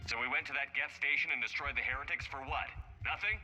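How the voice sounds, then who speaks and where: Game hero commander, quick clipped orders, bright firm tone. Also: male voice, mid-range voice, fairly even intonation, faint music behind, low-quality recording. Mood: steady. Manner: brisk, commanding. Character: decisive male military commander.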